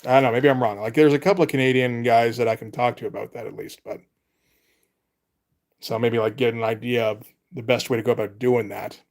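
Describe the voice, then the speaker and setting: A man's voice: medium pitch, steady tone, a little fast, creaky, a little mellow. A man chatting casually on a live stream as a comic artist, rambling and laid-back, with casual swearing.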